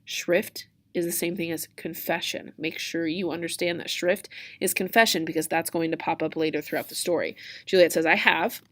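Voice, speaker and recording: A woman teacher explaining the scenes of a play to students in a casual, chatty way, with quick asides. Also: deep voice, little pitch movement, no echo.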